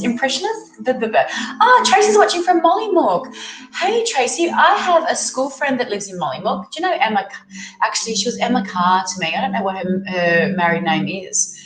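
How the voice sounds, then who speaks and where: An Australian woman with a cold hosts a casual livestream, greeting viewers by name and reading their comments aloud. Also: fairly high pitch. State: has a cold. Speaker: livestream host, tarot reader. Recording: echoey room with music playing. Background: music.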